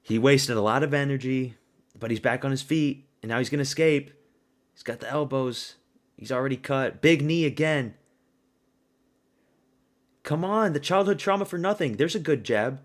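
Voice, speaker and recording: A man hosting a fight watch-party stream, giving excitable, profane live reactions and yelling at the screen. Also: medium pitch, normal speed.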